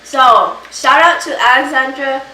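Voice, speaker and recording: Slow-talking woman in an echoey kitchen. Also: sits high, bright, forceful tone, distant mic. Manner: slow, chatty, enthusiastic food tasting. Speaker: home cook vlogger. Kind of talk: casual cooking vlog. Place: home kitchen.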